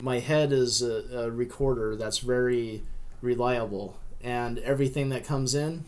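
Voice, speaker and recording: A man's voice: medium pitch, fairly even intonation, a little slow. A man co-hosting a podcast in casual chat, thoughtfully explaining ideas at length. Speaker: podcast co-host.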